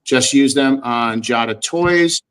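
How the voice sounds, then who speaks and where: A man with a medium-pitched voice keeps a live stream going, greeting viewers by name and reading their comments. He sounds easygoing and upbeat. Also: slow, fairly bright tone, smooth. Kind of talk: casual live-stream chat.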